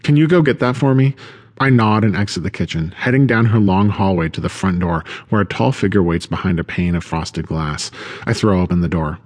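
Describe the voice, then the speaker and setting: A man narrating a first-person audiobook story in a low-key, subdued way. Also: brisk, slightly rough.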